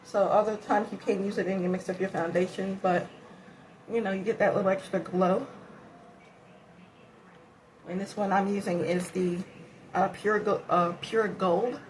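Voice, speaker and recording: At home filming a beauty vlog, a tired woman breathes heavily and rambles casually to herself while doing her makeup. Her medium-pitched voice is fairly even, with a moderate pace and long pauses, on a low-quality recording with a little hiss or hum.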